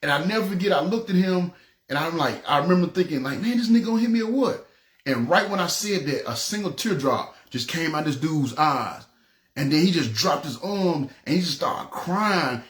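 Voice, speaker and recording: A preacher from North Memphis with a Memphis Southern accent, telling his testimony in an animated way and acting out the voices he quotes. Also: a little high, roomy sound. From North Memphis, USA. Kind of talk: testimony storytelling.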